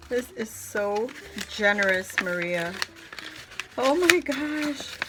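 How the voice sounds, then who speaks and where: A woman's voice: fairly high pitch, lively intonation, slow pace, loud music behind the voice. Gushing woman opening craft mail. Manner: effusive, gushing exclamations. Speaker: crafting channel host. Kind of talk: casual unboxing vlog.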